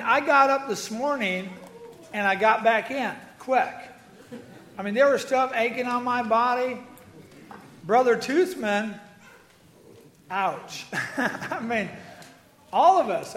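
A man's voice: extremely high pitch, a bit bright, roomy sound. A man preaching a sermon, folksy and joking, with asides to members of the congregation. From Iowa. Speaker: pastor.

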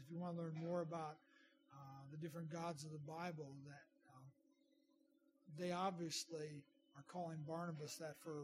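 Middle-aged preacher guy, high pitched, talks loose and chatty in his sermon. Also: slight background noise. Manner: conversational preaching with asides and restarts. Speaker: pastor.

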